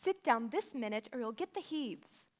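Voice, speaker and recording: A woman playing a stern, no-nonsense older farm woman who speaks in a brisk, commanding way, in a live stage musical. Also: fairly high pitch, animated, natural voice. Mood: scolding. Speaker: stage actor in a youth musical.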